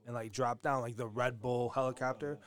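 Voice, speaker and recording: Young man, mid-pitched everyday voice, casual podcast chat, rambling, restarts, laughs easily. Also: steady tone, brisk, a bit bright. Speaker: podcast co-host.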